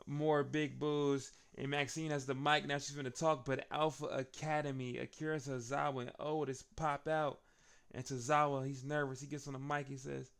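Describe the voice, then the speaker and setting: A man hosting a casual wrestling recap, retelling events in slangy, animated speech. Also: medium pitch, normal speed, vocal fry, smooth. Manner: slangy, animated, laughs between beats.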